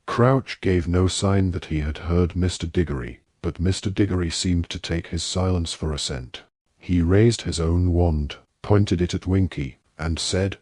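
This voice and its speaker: A man narrating an audiobook in measured storytelling. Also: deep voice, a little mellow, no echo, clean studio sound.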